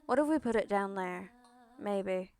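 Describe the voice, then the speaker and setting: A woman's voice: mid-range voice, animated, measured pace, darkish tone, clean tone. A woman streaming a video game, talking casually and exasperated, swearing often into a close mic that picks up her breathing. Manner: exasperated, swearing, self-mocking. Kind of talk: casual gaming stream chat. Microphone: close headset mic near her face.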